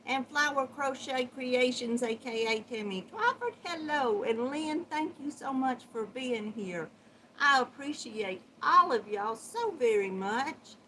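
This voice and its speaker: Southern female host, high bright voice, unhurried, chatty live-stream greeter who laughs a lot. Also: animated, a little hiss or hum, low-quality recording. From Georgia, USA. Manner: chatty, greets viewers by name, laughs often. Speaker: crochet channel host. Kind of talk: casual live-stream chat.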